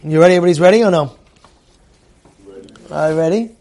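Animated high-voiced male Torah teacher. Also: quick pace. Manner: animated, repeats phrases for emphasis, asks the audience questions; uses Hebrew terms. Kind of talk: Torah class lecture.

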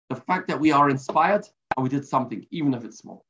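A man's voice: medium pitch, fast, hardly any pauses, fairly bright tone. A man giving a weekly religious lesson, telling a parable and mixing in Hebrew terms. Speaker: Torah teacher. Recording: dull lo-fi recording.

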